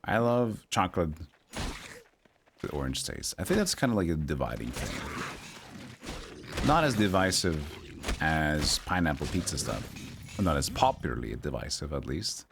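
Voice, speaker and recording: Low-voiced streamer chatting. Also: male voice, very animated, moderate pace, pauses often, background noise. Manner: chatty, rambling, reading chat aloud. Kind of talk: casual chat while playing a video game. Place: home streaming setup. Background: game music.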